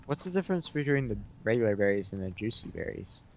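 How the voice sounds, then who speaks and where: A lowish male voice in relaxed gaming chat with a friend, asking questions and hedging often. He sounds laid-back and unhurried, picked up by a dull, lo-fi home mic. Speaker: co-op player.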